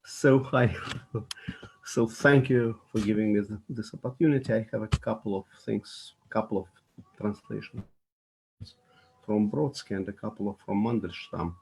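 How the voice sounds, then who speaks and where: A man joining a video call for an open mic, a little halting in his greeting before reading a translated poem. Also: on the low side, fairly even intonation, gravelly, a little mellow, slight background noise, rough recording. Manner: halting, hesitant when chatting. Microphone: computer mic on a video call.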